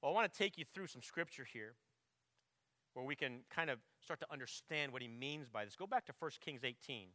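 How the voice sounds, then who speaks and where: A man preaching a sermon, with emphatic bursts on quoted verses, quieter reflective asides and frequent throat clearing. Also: expressive, fairly quick, dry recording. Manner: emphatic preaching, swelling loud on quotes, dropping low to reflect. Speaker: pastor.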